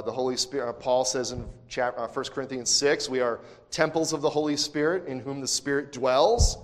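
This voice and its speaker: Emphatic pastor in a reverberant church. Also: male voice, medium pitch. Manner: emphatic, swings from quiet to shouting; conversational asides and restarts. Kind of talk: sermon. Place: church sanctuary. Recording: long church hall reverb.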